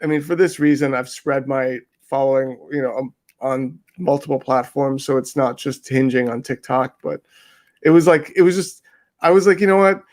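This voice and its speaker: A man hosting an interview and telling a story with animated emphasis, acting out his own remarks. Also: mid-range voice, normal speed. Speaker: interview host. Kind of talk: casual interview chat.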